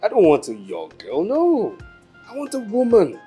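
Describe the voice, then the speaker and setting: A calm, persuasive Nigerian widower wooing a woman. His mellow voice moves through a lively pitch range over a soft film score. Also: normal speed, soft background music. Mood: tender. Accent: Nigerian English. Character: smooth-talking male widower wooing a woman. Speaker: widower suitor. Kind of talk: film drama acting.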